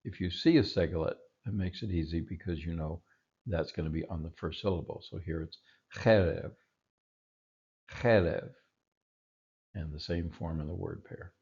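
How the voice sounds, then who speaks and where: A man teaching a recorded Hebrew vocabulary lesson, patiently repeating each word slowly. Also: sits low, fairly even intonation, dark tone, husky, muffled recording.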